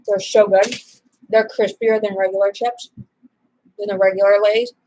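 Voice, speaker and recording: A woman's voice: medium pitch, fairly even intonation, normal speed, mellow, a little hiss or hum, poor audio. Chatty woman rambling over supper. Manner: rambling and chatty, eating while talking. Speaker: vlogger chatting while eating supper. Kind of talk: casual chat.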